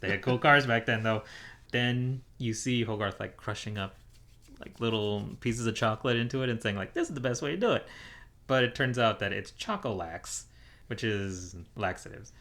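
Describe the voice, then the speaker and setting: A man's voice: lowish voice, normal speed. A man co-hosting a podcast, casually retelling a film's plot with many fillers. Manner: relaxed, filler-heavy retelling. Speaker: podcast co-host. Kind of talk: casual film discussion.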